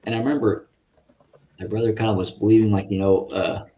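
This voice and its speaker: Guest man, low-pitched, earnest and halting, on a dull lo-fi video call line. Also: steady tone. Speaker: interview guest. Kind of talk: personal faith testimony. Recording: muffled lo-fi audio.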